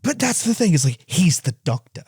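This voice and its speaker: A man co-hosting a movie podcast in casual chat, rambling quickly and laughing as he tells stories. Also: a little high, sing-song, a little mellow, slightly rough, no echo, studio quality. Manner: fast, rambling, laughs while telling stories. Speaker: podcast co-host.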